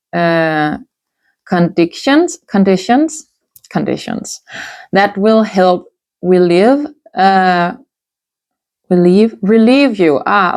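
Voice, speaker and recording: Slow, low-voiced woman reading tarot. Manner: musing, thinks aloud with soft hums and restarts. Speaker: tarot reader. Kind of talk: casual spoken tarot reading.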